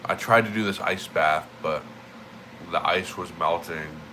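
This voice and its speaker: Low-voiced, rambling, profane young man streaming. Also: a little slow, bright, forceful tone, slight background noise, rough recording. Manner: rambling, profane, emphatic with repeated words. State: just woke up. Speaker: livestreamer. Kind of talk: casual streaming rant.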